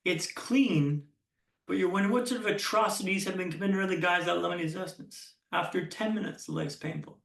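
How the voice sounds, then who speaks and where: Keynote speaker, male, high gravelly voice, punchy storytelling with dramatic pauses, echoey hall. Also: fairly bright tone, recorded from a distance. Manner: self-deprecating humor. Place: conference hall stage.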